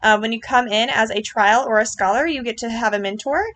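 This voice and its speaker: A woman giving casual reaction commentary on a video, gushing and earnest, with lots of fillers and quick apologies. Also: a little high, a bit bright, a little hiss or hum. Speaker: vlogger reacting to her club's riding routine.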